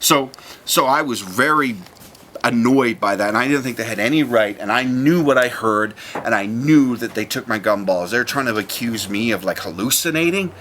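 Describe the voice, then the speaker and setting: Young man, casual storyteller, animated, acts out voices, bright tone. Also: medium pitch, normal speed, slight background noise. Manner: animated, mimics voices and sounds, laughs often. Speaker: vlogger telling a childhood story.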